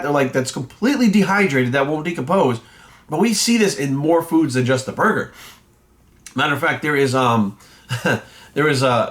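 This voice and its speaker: A fitness coach ranting bluntly and indignantly, swearing nonstop in casual talk. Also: male voice, medium pitch, a bit bright. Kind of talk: profanity-laced casual rant.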